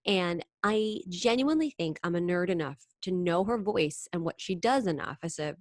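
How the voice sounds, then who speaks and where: Woman, lowish voice, animated interview guest, dry sound. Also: moderate pace, dry recording. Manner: animated, slips into sung impressions. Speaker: guest, actress and impressionist. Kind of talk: casual interview chat.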